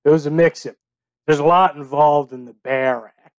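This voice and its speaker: A blunt, deadpan former circus sideshow man, played by a man lays out grim details matter-of-factly in a slightly raised voice. The sound is dry and a bit dull, with no room around it. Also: on the high side, moderate pace, no echo, close to an everyday voice. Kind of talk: improvised comedy podcast.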